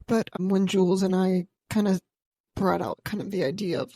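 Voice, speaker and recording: A woman's voice: medium pitch, brisk, dark tone, dry recording. A middle-aged woman co-hosting a podcast, talking openly and with emotion, close to tears. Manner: open, vulnerable and tearful. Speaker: podcast co-host. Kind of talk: emotional casual conversation.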